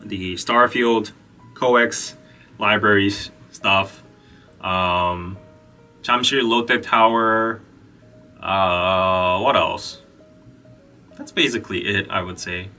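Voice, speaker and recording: A man's voice: fairly low pitch, drawn-out words, long pauses, pushed and bright, recorded from a distance, soft background music. A man hosting a live podcast, chatting casually and rambling through travel tips with lots of fillers. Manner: rambling, filler-heavy, reads chat questions. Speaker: podcast host. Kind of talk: casual live-stream chat.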